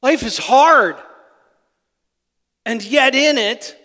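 A man with a notably high voice preaches to his congregation, and his words ring through a large church hall with a long echo. His delivery shifts between hushed, confiding asides and forceful, impassioned declarations. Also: lively intonation, extremely slow. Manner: impassioned, swings from soft asides to loud declarations. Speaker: pastor. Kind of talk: sermon. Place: church sanctuary.

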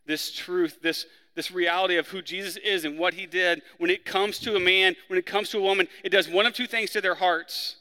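A man preaching a sermon, acting out the criminals' words in a raised, forceful voice. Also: fairly even intonation, brisk, hardly any pauses, in a large hall. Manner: preaching, acts out the criminals' lines with rising pitch and force. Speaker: pastor.

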